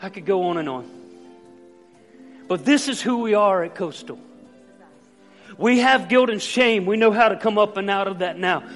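A man's voice: high voice, expressive, normal speed, pauses often. A male pastor preaching a sermon to his congregation with passion, repeating lines and calling on everyone to say them with him. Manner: impassioned, repetitive calls for the congregation to join in. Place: church sanctuary. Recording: long church reverb with faint music.

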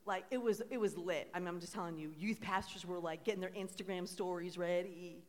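A woman pastor preaching a sermon, animated and conversational, asking the congregation call-and-response questions. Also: fairly low pitch, brisk. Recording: long reverb in a church hall.

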